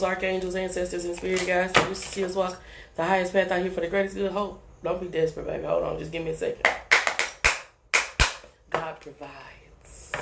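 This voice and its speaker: Woman, tarot reader, casual and profane, chatty, echoey room. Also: fairly low pitch. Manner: casual, profane, chatty, checks in with listener often. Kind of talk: live tarot reading. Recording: echoey room, faint background noise.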